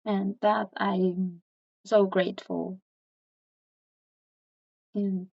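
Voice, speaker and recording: A woman from the Philippines hosting a casual chat, softly agreeing as she listens. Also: medium pitch, flat delivery, extremely slow, creaky, slightly rough, no echo. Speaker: host. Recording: dull lo-fi sound.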